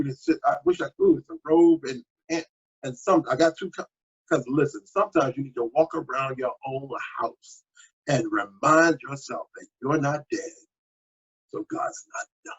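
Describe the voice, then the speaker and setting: Pastor, male, lively high-pitched voice, husky, dull lo-fi home recording. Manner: animated and exhortative, with sudden high exclamations. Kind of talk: sermon.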